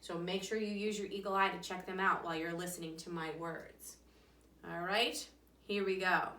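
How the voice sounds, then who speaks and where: A woman teacher giving an online lesson to young children, speaking slowly and encouragingly and then reading a picture book aloud. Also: lowish voice, fairly even intonation, bright, forceful tone, far from the mic. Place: home or classroom, filmed by a helper. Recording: echoey room, voice somewhat off-mic.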